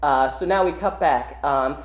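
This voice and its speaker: A man's voice: on the high side, a little slow. Rambling man recapping a game. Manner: rambling, many fillers. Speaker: host. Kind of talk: casual game recap chat. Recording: roomy echo.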